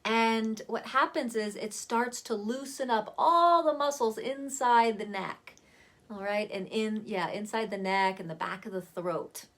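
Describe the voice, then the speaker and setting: A woman vocal coach giving a relaxed, chatty lesson on voice warm-ups, talking to the camera from a seated spot at home. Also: on the high side, unhurried. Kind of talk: casual spoken voice lesson.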